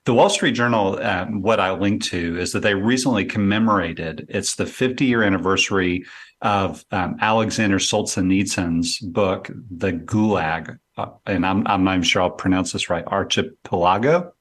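A man in his forties, a guest on a radio talk show, explaining in a relaxed way with many fillers. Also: sits low, normal speed. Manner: relaxed, explanatory, frequent "um" and "you know". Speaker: guest apologist. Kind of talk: casual radio conversation.

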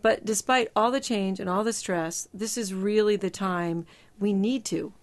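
Woman, middle-aged, Christian counselor, measured, emphatic, teaching tone. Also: medium pitch. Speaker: Christian psychologist and show host. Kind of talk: faith-based advice talk.

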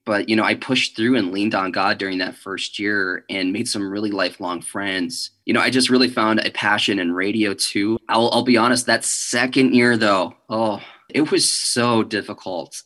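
Bright, earnest young man sharing a testimony. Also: fairly low pitch, steady tone. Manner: earnest, halting, with nervous laughs. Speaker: interview guest. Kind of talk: personal testimony in an interview.

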